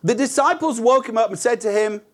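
A high-voiced man preaches an earnest, conversational sermon. He often restarts his words and turns to the listeners with rhetorical questions. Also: brisk, a bit bright.

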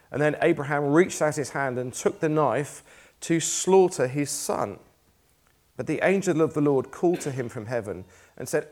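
A man preaching a sermon in a church, reading scripture aloud in a conversational, lightly self-deprecating way. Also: medium pitch.

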